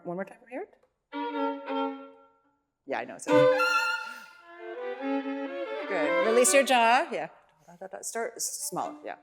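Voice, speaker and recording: A woman teaching a violin masterclass, coaching a student with short encouraging cues and singing phrases to demonstrate. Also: fairly low pitch. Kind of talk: coaching over live playing. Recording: loud violin and piano playing behind.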